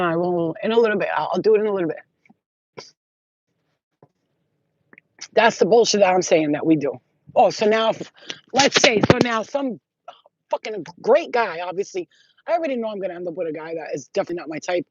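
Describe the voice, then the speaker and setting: A woman's voice: medium pitch, lively intonation, a little fast, pauses often, darkish tone, dry recording. A woman vlogger talking in a blunt, profane, rambling casual monologue. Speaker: spiritual vlogger. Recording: dull lo-fi audio.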